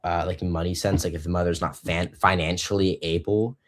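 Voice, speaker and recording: A teenage boy hosts a casual online debate, his voice sitting very low. He talks haltingly, restarting phrases and leaning on fillers. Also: steady tone. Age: teens. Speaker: debate host. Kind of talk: casual live-stream debate hosting.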